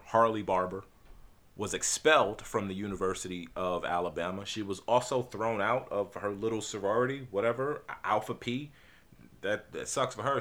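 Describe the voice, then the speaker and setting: A man's voice: fairly low pitch, fairly bright tone. A man from New Jersey hosting a podcast, talking in a casual, rambling, profane monologue full of restarts and fillers. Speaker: podcast host.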